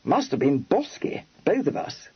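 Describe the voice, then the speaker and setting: A blunt, slangy young gentleman, as the narrator plays him grumbles in clipped bursts, his voice lively and a little husky. The recording sounds dry and slightly muffled. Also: high-pitched, measured pace, no echo, voice pushed up, heavily acted. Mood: grumbling.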